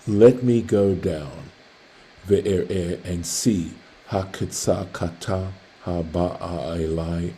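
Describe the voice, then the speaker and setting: Man leading an online scripture class, very low voice, unhurried delivery. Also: warm tone, slight background noise. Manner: translates Hebrew line by line, thinking aloud. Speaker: Torah study teacher. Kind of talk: online Bible study class. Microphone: video call.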